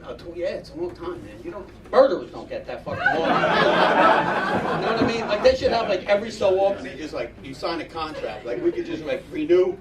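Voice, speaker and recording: Brash, high-voiced middle-aged comic, loud crowd. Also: male voice, sing-song, fairly quick. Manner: brash, profane, rambling with "you know what I mean". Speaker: stand-up comedian. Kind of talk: crude stand-up routine. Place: live comedy venue with audience. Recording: echoey room, distant mic, loud crowd laughter.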